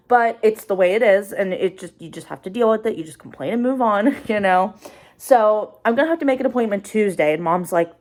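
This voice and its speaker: A woman's voice: medium pitch, expressive, brisk, darkish tone. A woman in her twenties vlogging in a casual confessional way, rambling anxiously with many fillers. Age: 20s.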